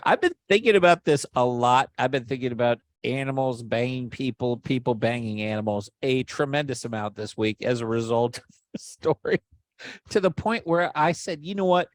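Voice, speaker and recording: A man's voice: medium pitch, moderate pace, no room sound, clean studio sound. A man hosting a comedy podcast, riffing wryly and building crude jokes in casual banter. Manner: wry, riffing, acts out bits in quoted voices. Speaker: podcast host.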